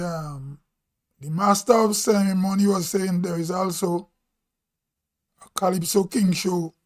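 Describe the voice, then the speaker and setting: Slow-talking Grenadian man, high voice. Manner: slow, musing, thinking aloud. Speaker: vlog host. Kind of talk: casual live-stream talk.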